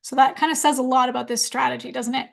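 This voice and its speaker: A woman's voice: high voice, steady tone, fast, vocal fry. A woman hosting a live online workshop, chatting upbeat while answering questions from the comments. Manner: chatty, upbeat, quotes clients in voices. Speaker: webinar host. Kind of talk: live Q&A webinar.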